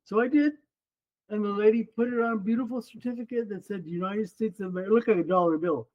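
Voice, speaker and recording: An older man in his seventies tells stories from his coaching days in a high, lively voice. He slips into the voices of the people he quotes. The audio sounds dull and muffled. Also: fast talker. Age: 70s. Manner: animated, acts out quoted voices. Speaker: guest, former runner and coach. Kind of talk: storytelling in an interview.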